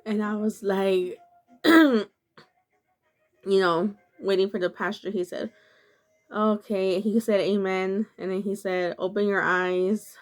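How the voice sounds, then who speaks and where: Young adult woman, vlogger. Slow, earnest, confessional storytelling with lots of fillers. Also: mid-range voice, fairly even intonation. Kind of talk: casual storytelling to camera.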